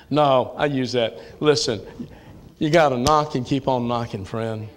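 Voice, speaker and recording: Southern preacher, bright and folksy. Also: male voice, steady tone, normal speed, long pauses. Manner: folksy, swings from low asides to shouted calls. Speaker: pastor. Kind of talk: sermon. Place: church sanctuary.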